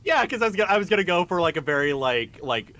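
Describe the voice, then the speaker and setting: A man's voice: on the high side, big pitch swings, fast talker, bright, forceful tone. A man chatting casually and animatedly with friends while they voice a game. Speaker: co-player voicing the lead attorney. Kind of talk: casual chat while playing.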